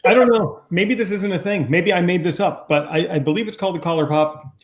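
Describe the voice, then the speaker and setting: A business coach from New Jersey hosts a training call, and his voice sits high and moves briskly. He's jokey and rambling, with a raised voice, lots of restarts and sound effects like "boop", as a casual group chat turns into a coaching talk. The room has a noticeable echo.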